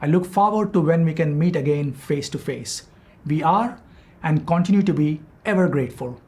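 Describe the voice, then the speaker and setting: A man's voice: fairly high pitch, normal speed, a little mellow. A man reading a prepared welcome address to donors, formal and grateful. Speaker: school head giving a welcome.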